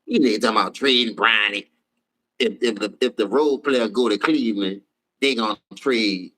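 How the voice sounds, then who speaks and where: A man hosting a live sports talk stream, ranting in a profane, animated way and swinging from low mutters to high shouts. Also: normal speed, poor audio. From New Orleans. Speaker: sports talk show host. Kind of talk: heated casual live-stream rant.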